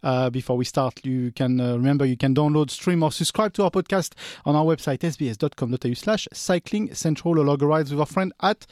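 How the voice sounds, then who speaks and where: A male podcast host chats and teases his co-host in a loose, friendly manner. His voice is somewhat high for a man. The recording is dry and close to the mic. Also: brisk, hardly any pauses, darkish tone, dry recording. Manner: chatty, teasing, loose with restarts. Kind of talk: casual chat.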